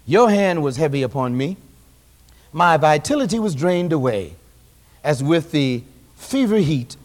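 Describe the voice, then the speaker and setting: A male senior pastor preaches with a high, ringing voice that carries through a church sanctuary with a long reverb tail. He is animated, dropping to a hush and then rising to a shout, and slips into little acted-out voices. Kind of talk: sermon.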